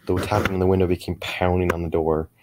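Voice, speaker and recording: Deep-voiced man narrating a horror story. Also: level tone, noisy background. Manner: measured, with frequent small restarts.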